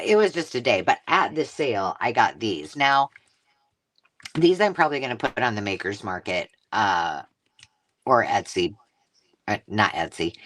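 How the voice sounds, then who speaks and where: A lively, sing-song craft host who talks in loose, rambling runs, breaking off mid-sentence and starting again. The pitch moves up and down a lot as the host chats on a live stream from a home craft space. A faint hiss sits under the voice. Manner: rambling, self-interrupting storyteller. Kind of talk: casual chatty live stream.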